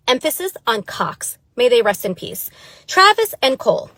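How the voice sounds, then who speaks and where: A woman's voice: on the high side, very animated, moderate pace, dry recording, studio quality. A woman delivering a scripted comedic monologue as a crime scene cleaner, sardonic and darkly funny with chatty asides. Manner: sardonic, dark humor, conversational asides.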